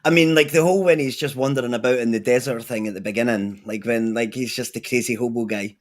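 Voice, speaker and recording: A man's voice: medium pitch, fairly even intonation, fast. A man in casual chat on a livestream, slangy, swearing and enthusiastic.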